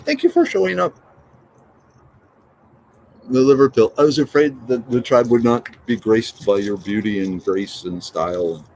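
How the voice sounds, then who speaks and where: A man's voice: fairly low pitch, fairly even intonation, moderate pace, few pauses, a little mellow, a little hiss or hum. A middle-aged man chatting casually on a morning livestream, reading out comments and joking. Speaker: livestream host.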